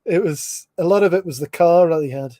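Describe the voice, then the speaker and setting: A man's voice: fairly high pitch, brisk, warm tone, dry recording. A man hosting a casual movie commentary, rambling with restarts and frequent laughs. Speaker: film commentary host.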